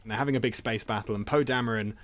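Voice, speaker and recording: A man's voice: mid-range voice, racing. Jokey guy rambling a recap. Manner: rambling, jokey, laughs often. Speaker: gaming channel host. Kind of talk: casual recap while playing a game.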